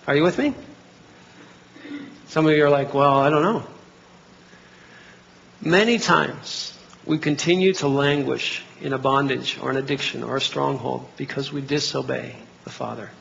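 A middle-aged man preaching a sermon, animated and acting out bits of dialogue in different voices. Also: mid-range voice, normal speed, gravelly, a little hiss or hum. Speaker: pastor. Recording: dull lo-fi recording.

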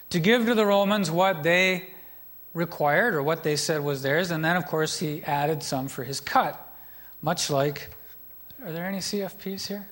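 A middle-aged man preaching a sermon as pastor, retelling a story with joking asides to the congregation. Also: high-pitched.

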